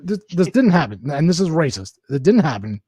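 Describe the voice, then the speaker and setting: A man's voice: fairly high pitch, very animated, brisk, crowd noise. A man from Southeast Texas in casual podcast chat, teasing and doubting his co-host. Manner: teasing, skeptical interrupter.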